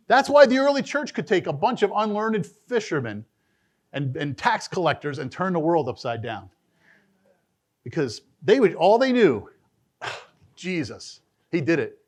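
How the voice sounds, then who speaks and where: A male pastor delivering a sermon in a church, his voice sitting high and leaping around with lively swings of pitch. He moves between loud, emphatic bursts and low, hushed asides as he preaches to the congregation. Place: church sanctuary.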